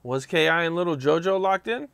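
A man's voice: a little high, animated, brisk, creaky, a bit bright, clear, resonant tone. A man hosting an interview, asking short plain questions and reacting briefly.

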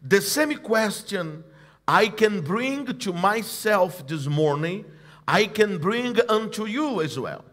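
High, lively preaching man, slow. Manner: call-and-response preaching, prompting the congregation to repeat; emphatic, repetitive phrasing. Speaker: pastor. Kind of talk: sermon. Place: church service.

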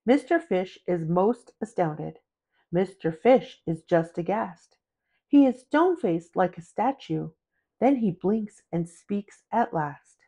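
Slow rhythmic woman reading aloud. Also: on the low side, lively intonation, mellow, breathy edge. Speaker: storyteller. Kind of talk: children's read-aloud.

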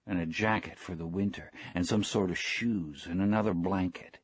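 A man reading the lines of a caring young boy who helps an old fisherman, in a calm audiobook style. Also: low-pitched, moderate pace, no room sound, voice pushed up.

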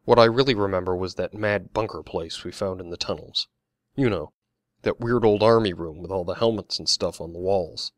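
A man's voice: low voice, normal speed, no echo, clean studio sound, natural voice. A man voicing a blunt, sardonic young man.

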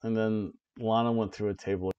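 A man's voice: on the low side, little pitch movement, a little fast, darkish tone, clear, resonant tone, no echo. A man hosting a wrestling review podcast, recapping the show in casual chat and laughing often as he goes. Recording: dull lo-fi dry recording.

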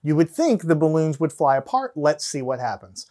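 A man's voice: fairly high pitch, big pitch swings, moderate pace, darkish tone. Man explaining physics demos. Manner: explains step by step, counts down before each demo. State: out of breath at times from blowing. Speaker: science teacher. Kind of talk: hands-on physics demonstration.

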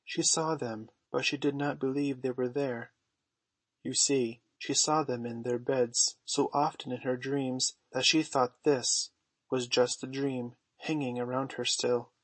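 A man narrating a storybook in a measured, gentle way. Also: medium pitch, steady tone, dry recording. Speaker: audiobook narrator.

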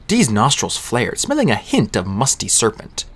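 Male audiobook narrator; animated, lively reading of a novel. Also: medium pitch, moderate pace, breathy edge.

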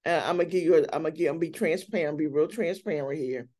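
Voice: mid-range voice, fast talker, darkish tone. A church elder speaking earnestly and candidly in a casual Bible study, often restarting sentences.

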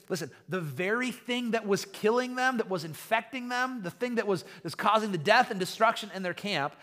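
A male pastor delivers a sermon in a casual, conversational way, full of quick restarts. His voice sits a little on the high side, and he swings between lively emphasis and quiet asides. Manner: animated, storytelling, frequent restarts.

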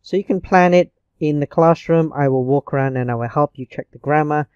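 A man teaching a grammar lesson online, explaining slowly and patiently with frequent checks of "okay". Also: fairly high pitch, a little mellow, smooth, no echo, lo-fi sound. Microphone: screencast recording mic.

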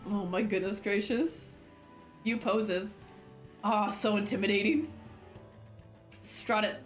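A woman's voice: medium pitch, slow, faint music behind. A young woman streaming a game in casual chat, laughing constantly as she talks. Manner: giggly, laughs constantly while talking. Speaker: gaming streamer. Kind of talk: casual let's-play chat.

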